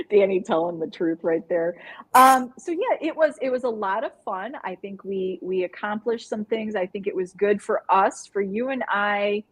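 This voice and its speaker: A woman co-hosts a casual live-stream chat, her voice soft and breathy. She talks in a lively, rambling way and breaks into laughter often. Her pitch sits in an ordinary middle range. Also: measured pace, rough recording. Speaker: co-host.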